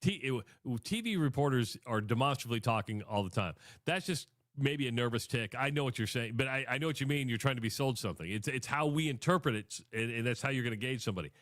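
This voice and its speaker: A man co-hosting a sports radio show, chatting in a measured, conversational way. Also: medium pitch, expressive, fairly bright tone, no echo, studio quality. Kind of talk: casual sports talk. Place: radio studio.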